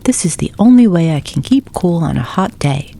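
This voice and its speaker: A self-absorbed storybook duck, as a woman reads it, speaking softly and offhandedly in a low, mellow voice. A husky grain runs through it. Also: lively intonation, normal speed. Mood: dismissive.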